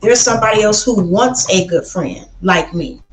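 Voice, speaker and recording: Woman from Chicago, livestream host, blunt and preachy, mid pitch, roomy echo. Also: moderate pace, slight background noise. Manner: blunt, preachy, says baby a lot. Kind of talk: casual livestream talk.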